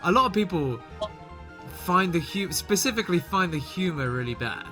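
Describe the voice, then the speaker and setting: A man's voice: sits high, lively intonation, moderate pace, sharp tone. Chatty man with game music. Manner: chatty, laughs often, swears casually. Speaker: streamer. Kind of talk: casual chat while playing.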